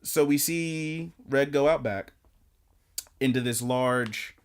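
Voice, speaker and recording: A man's voice: medium pitch, slow, clear, resonant tone. A man co-hosting a podcast, casually recapping anime episodes and acting out the characters' lines in a rambling way. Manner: rambling, animated retelling with quoted lines. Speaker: podcast co-host.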